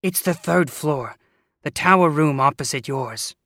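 A man voicing a brassy older landlady with a raspy voice, loud and blustering like an old gangster, in a storybook reading. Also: fairly high pitch, a little slow, no room sound, clean studio sound. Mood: curt.

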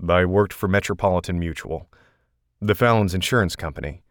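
A man voicing a calm, guarded adult male investigator who speaks in an even, matter-of-fact way, read for an audiobook. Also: low voice, brisk, dry recording, clean studio sound, lightly acted.

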